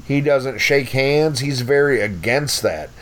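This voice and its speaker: A man's voice: medium pitch, expressive, measured pace, fairly bright tone. A man in his fifties, a podcast guest telling casual stories in a blunt, profane, rambling way. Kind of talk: casual storytelling.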